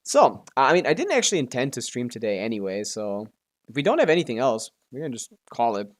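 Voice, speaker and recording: A man's voice: medium pitch, very animated, fast. Man muttering through a game stream. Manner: mumbling, self-correcting, laughing to himself, swears. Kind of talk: casual stream commentary.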